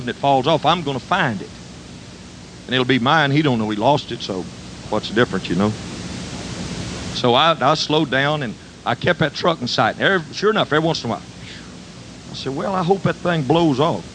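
An older man preaching, telling a homespun story in a folksy, animated way with country dialect. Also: a little high, slight background noise, low-quality recording. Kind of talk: storytelling sermon.

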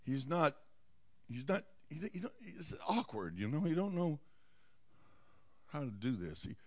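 A man's voice: a little high, very animated, unhurried. A male preacher retelling a Bible story dramatically, acting out scenes with folksy asides.

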